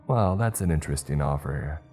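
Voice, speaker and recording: A man's voice: a bass voice, animated, fairly quick, darkish tone, soft background music. A man voicing a vain, chatty cult witch who shrieks and hisses at children. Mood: scornful. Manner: hissing, indignant, rambling.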